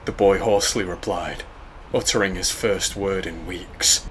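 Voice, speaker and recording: Slow, low-voiced man narrating horror. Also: a bit bright, a little hiss or hum. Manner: slow, measured and grave. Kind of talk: scripted horror story narration.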